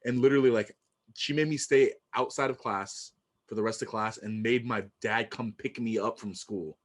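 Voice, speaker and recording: A man's voice: on the low side, steady tone, normal speed. A young man co-hosting a casual podcast, rambling through a childhood school story and making fun of himself. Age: young adult. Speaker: podcast co-host. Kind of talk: casual chat.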